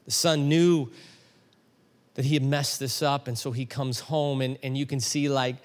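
A middle-aged man preaching a sermon, telling a story with animated emphasis that climbs to emphatic peaks. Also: medium pitch. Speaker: pastor.

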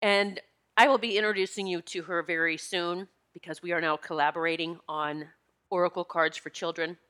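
A woman's voice: lowish voice, steady tone, normal speed, fairly bright tone. A woman hosting a podcast, telling a personal story in a heartfelt, emotional way and sniffling as she holds back tears. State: tearful, sniffling. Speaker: podcast host and spiritual teacher.

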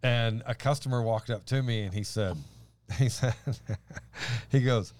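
A man's voice: mid-range voice, a little slow. A man co-hosting a faith chat, telling a story with lots of laughter and restarts. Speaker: podcast co-host.

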